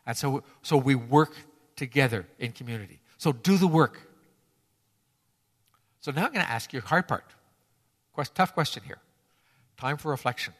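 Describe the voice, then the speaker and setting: A man's voice: mid-range voice, moderate pace, long pauses, a bit bright, in a large hall. A man preaching a sermon to his congregation, emphatic and fond of repeating key phrases for effect. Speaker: pastor.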